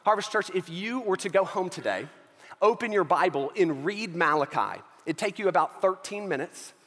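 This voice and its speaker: A man's voice: sits high, animated, moderate pace, a bit bright, in a large hall. A man preaching a sermon as pastor of his church, emphatic and repeating key phrases, often checking in with his listeners.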